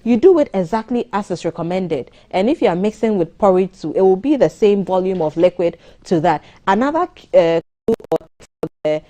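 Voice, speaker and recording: A woman, a doctor giving measured advice on a morning TV show. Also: medium pitch, warm tone. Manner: explanatory, measured, advisory. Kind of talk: studio interview on a morning TV show.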